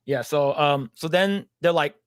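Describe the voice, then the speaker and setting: A man's voice: a little high, unhurried, clear, resonant tone, no room sound, studio quality. A man on a podcast casually retelling a cartoon story, rambling, acting out the characters' lines and swearing freely. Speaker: podcast co-host.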